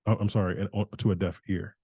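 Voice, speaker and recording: Man, bible teacher, informal teaching, conversational, self-correcting, mellow voice, dry close sound. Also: low-pitched, little pitch movement, quick pace, slightly rough, dry recording. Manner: conversational, often restarts and corrects himself.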